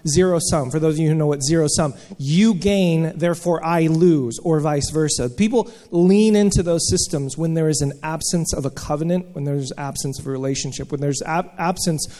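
A man's voice: on the high side, normal speed, hardly any pauses, mellow. A man preaching alongside a co-speaker, explaining ideas in a thoughtful way. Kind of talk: sermon dialogue.

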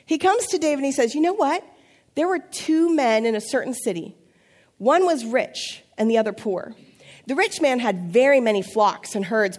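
High-voiced woman preaching with playful storytelling. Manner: lively storytelling, playful asides and acted voices. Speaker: pastor. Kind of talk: sermon.

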